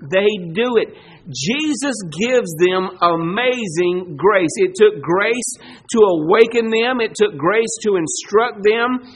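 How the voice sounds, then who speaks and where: A high-voiced preacher delivers his sermon. He pushes up loud and fast on his points, then drops low and slow for weight. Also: lively intonation, poor audio. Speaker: pastor.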